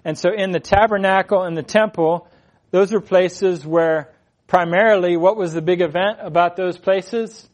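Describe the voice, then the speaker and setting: A man preaching an expository sermon in an earnest, emphatic way, his voice swelling louder on key phrases. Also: high voice, normal speed.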